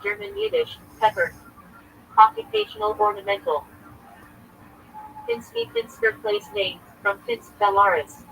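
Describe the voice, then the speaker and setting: A man's voice: sits high, vocal fry, pushed and bright, slight background noise, low-quality recording. A man, a rabbi, reading from a list on a livestream in short clipped fragments. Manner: clipped fragments, terse and listing.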